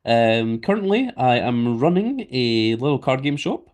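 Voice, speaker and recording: Chatty Scottish streamer reading comments. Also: male voice, mid-range voice, very animated, a little slow, a little mellow. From Scotland. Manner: reads viewer comments aloud, chatty. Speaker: live streamer. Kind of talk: casual live stream chat.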